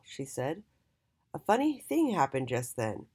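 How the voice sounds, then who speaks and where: A woman reading a children's storybook aloud in an expressive, sing-song way. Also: extremely low pitch, a little slow, slightly rough.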